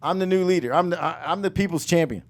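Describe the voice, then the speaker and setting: Middle-aged guy yelling motivational money talk, repeats himself a lot, voice sits a bit high. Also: quick pace. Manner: loud, emphatic, repeats phrases, jokes and laughs. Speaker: real estate coach and show host. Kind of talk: live motivational finance talk.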